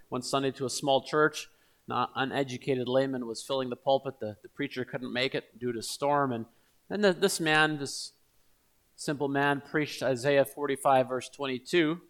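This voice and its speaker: A man's voice: medium pitch, a little slow, long pauses. A man preaching a sermon in an earnest manner, building to emphatic repeated appeals.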